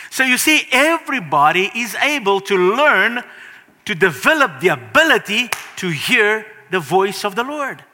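A middle-aged man preaches to his congregation in a high, very bright and cutting voice. He is earnest and emphatic, repeating key phrases and slowing down to stress them. His voice trails off into the long reverb of a church hall. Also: very animated. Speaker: pastor. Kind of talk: sermon.

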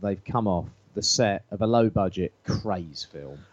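A man's voice: low-pitched, unhurried, muffled recording. A man co-hosting a casual podcast chat, teasing and swearing freely. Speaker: podcast co-host.

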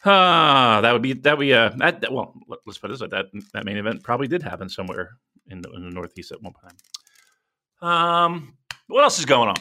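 Profane, animated man in casual chat. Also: medium pitch, fairly quick. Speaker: podcast co-host. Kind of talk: casual podcast chat about wrestling.

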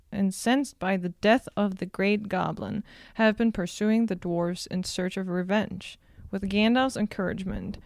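A woman co-hosting a podcast, summarizing a book chapter in a steady, casual way. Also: mid-range voice, vocal fry, dry recording, clean studio sound. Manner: steady summarizing, giggles at slips.

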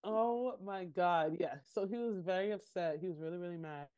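A young woman with a slightly low-pitched voice co-hosts a podcast in a casual recap chat. She is animated and acts out quotes between bursts of laughter. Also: moderate pace, clean tone, lo-fi sound. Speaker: podcast co-host.

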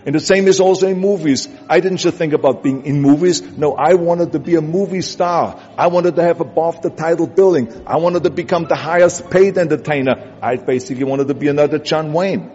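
A man's voice: a little high, fairly quick, hardly any pauses, darkish tone. A man with a German accent giving an emphatic motivational speech, building his points through repetition. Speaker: motivational speaker. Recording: echoey hall, dull sound, music behind.

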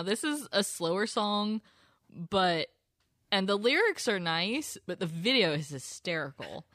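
A woman's voice: medium pitch, a bit bright, no echo, studio quality. A woman co-hosting a casual podcast, laughing often as she presents song facts. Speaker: podcast co-host. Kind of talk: casual chat.

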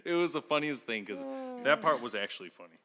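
A man hosting a podcast in casual chat, telling stories in an animated way. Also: medium pitch, fast talker, in a large hall. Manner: animated storytelling with laughs. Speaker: podcast host.

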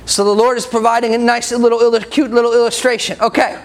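A man's voice: extremely high pitch, flat delivery, fast. A man preaching a sermon, joking with the people in the room and laughing often between points. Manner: laughs often, jokes with the congregation.

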